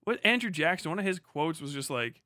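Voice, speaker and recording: A man's voice: fairly high pitch, expressive, fairly quick, pushed and bright, no room sound, studio quality. A young American man hosting a livestream, ranting in casual, profane, sarcastic commentary with frequent laughter. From United States. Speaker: livestream host.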